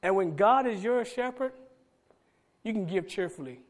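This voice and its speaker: Man, middle-aged, pastor, sermon, high voice, emphatic rises and hushed drops. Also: expressive, normal speed. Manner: dynamic preaching, swinging from loud emphatic calls to soft low asides.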